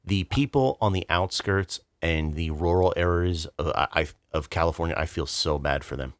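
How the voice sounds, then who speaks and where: A man with a very low voice co-hosts a podcast, blunt and profane, stammering over his restarts. The sound is dry and close, with no room around it. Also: normal speed, dry recording. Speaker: podcast co-host. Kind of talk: casual political chat.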